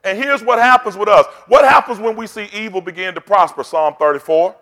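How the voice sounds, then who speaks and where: Male pastor, higher-pitched voice, rousing call-and-response preaching, church hall echo. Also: fairly quick, pushed and bright. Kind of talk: sermon. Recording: long hall reverb.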